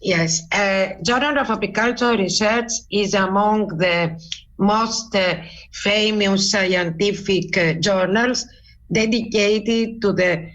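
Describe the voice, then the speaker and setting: A woman's voice: mid-range voice, takes it slowly, fairly bright tone, highs cut off. A woman from Greece, an English speaker, answering interview questions carefully. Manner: careful, with fillers. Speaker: guest, journal editor.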